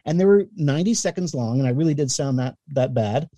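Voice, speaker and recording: A middle-aged Canadian newspaper columnist and radio voice tells anecdotes about his career as a guest in a relaxed, easygoing interview, acting out the people he quotes. His voice is very mellow and dark-toned yet fairly high in pitch, and he speaks fairly quickly. The recording is dry and close, with no room sound.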